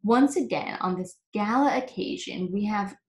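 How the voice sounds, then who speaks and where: A woman's voice: medium pitch, moderate pace, a little hiss or hum, lightly acted. A woman voicing a grand, gloomy king who gives royal commands in a storybook reading. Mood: commanding. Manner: commanding, then mournful. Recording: echoey room.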